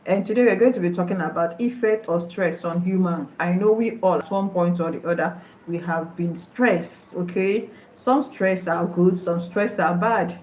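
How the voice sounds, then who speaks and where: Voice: medium pitch, normal speed, few pauses, darkish tone. A nurse giving a health talk on a live stream, repeating questions to viewers. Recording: echoey room, dull lo-fi sound.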